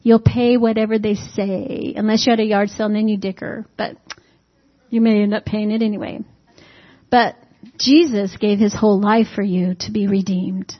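A woman's voice: medium pitch, steady tone, normal speed. A woman preaching a sermon in a conversational, folksy way, peppering it with rhetorical questions to the congregation and humorous asides. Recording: dull lo-fi recording.

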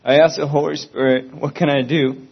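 A man's voice: on the high side, little pitch movement, moderate pace, husky, lo-fi sound. A man giving an earnest, pleading Christian testimony.

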